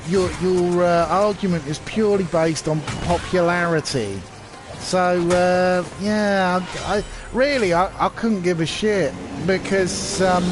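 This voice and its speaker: Man, high-pitched, slow rambling rant with sarcastic asides, faint hiss behind. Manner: rambling, sarcastic, many restarts and fillers. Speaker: channel host. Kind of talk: casual rant to camera.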